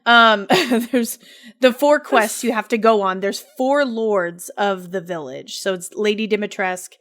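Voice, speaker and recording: A woman's voice: mid-range voice, a little slow, a bit bright. A woman co-hosting a podcast, chatting casually and telling a game's story with lots of fillers and laughter. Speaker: podcast co-host. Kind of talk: casual chat recapping a game.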